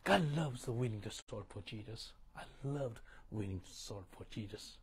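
A man preaching a sermon, questioning the congregation and moving between loud emphasis and hushed tones. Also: lowish voice, expressive, normal speed, slight background noise. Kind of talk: sermon with call-and-response.

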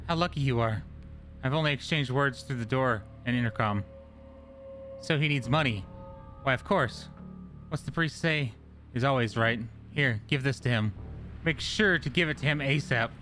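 A man's voice: mid-range voice, expressive, moderate pace, pauses often, fairly bright tone, faint music behind, pitched below the performer's own voice, close to an everyday voice. A man voicing a devout neighbor who speaks of the priest with eager reverence. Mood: reverent.

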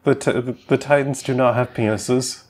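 A man's voice: medium pitch, fairly even intonation, moderate pace, darkish tone, breathy edge. A man co-hosting a casual podcast, easygoing and dry, often chuckling along. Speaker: podcast co-host. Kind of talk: casual chat.

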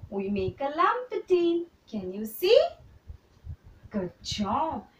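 A woman kindergarten teacher gives a handwriting lesson to small children, slowly repeating steps and praising them. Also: high voice, sing-song, recorded from a distance, slight background noise. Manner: slow, repetitive, encouraging drills for small children. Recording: roomy echo, voice a little off the mic.

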